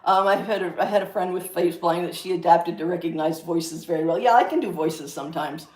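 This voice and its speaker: Chatty woman streamer, slightly low voice. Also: brisk, darkish tone. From Florida. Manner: chatty and rambling, laughs often, frank. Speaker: livestream host and crafter. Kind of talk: casual chat, reading live comments aloud.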